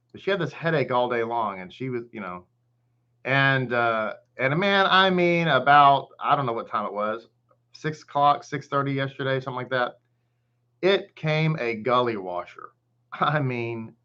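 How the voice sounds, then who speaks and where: A rabbi with a Texan accent gives a casual online Torah class, his mid-range voice sharp in tone over dull audio. He chats freely, greets viewers by name, and hums and laughs between thoughts.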